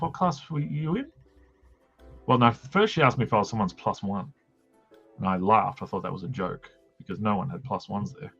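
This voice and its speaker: Self-mocking man, lowish voice. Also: vocal fry, fairly bright tone. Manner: self-mocking, jokey anecdotes with quick voiced quotes. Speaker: host of a drawing live stream. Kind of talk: casual storytelling chat. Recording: dull lo-fi stream audio with faint music.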